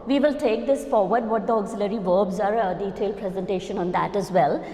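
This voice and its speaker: A woman's voice: mid-range voice, a little fast, mellow, faint music behind. A woman with an Indian English accent teaching English grammar as a lecturer, explaining step by step, repeating key terms and checking in with "okay?". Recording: echoey hall reverb.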